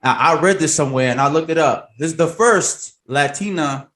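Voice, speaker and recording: A man's voice: on the high side, a little fast, a bit bright. A man hosting an interview, enthusiastic and emphatic, cheering on his guest. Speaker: host. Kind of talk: casual interview.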